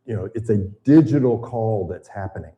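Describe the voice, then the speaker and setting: Speaking on the low side with an animated, brisk delivery, this older American seminar presenter talks an audience through boating safety. His tone is dark, the audio dull, and he explains conversationally, leaning on frequent fillers.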